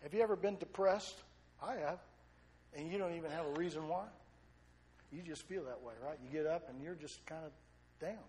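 A middle-aged male pastor preaching a sermon, swinging between loud excited storytelling and quiet, low asides. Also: moderate pace, pauses often.

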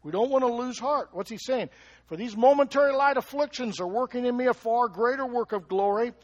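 A man preaching a lively sermon, who keeps asking the congregation questions and chuckles between points. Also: very high voice, fairly quick, highs cut off. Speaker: pastor.

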